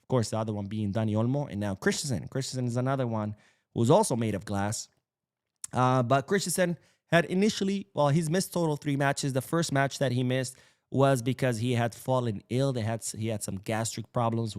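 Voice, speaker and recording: A man's voice: mid-range voice, a little mellow. A man hosting a casual sports podcast, chatty and opinionated, wandering off into side remarks. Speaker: podcast host.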